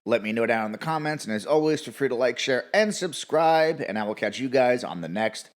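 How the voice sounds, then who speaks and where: A man's voice: mid-range voice, lively intonation, fairly quick. A man giving a heated, sarcastic opinion rant about gaming, swearing often. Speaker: gaming commentator.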